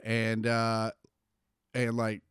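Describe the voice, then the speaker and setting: A man's voice: lowish voice, completely flat delivery, extremely slow, fairly bright tone, smooth, no echo. Laid-back man telling stories on a podcast, dry close sound. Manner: laid-back storytelling, swearing, mocking. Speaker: podcast co-host. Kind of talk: casual chat.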